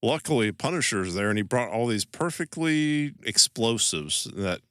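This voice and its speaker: A man's voice: medium pitch, very animated, normal speed, fairly bright tone, clean tone, no room sound, clean studio sound. A man co-hosting a podcast, animatedly recapping a film's plot in casual chat and acting out the characters' lines. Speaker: podcast co-host. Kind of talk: casual movie review chat.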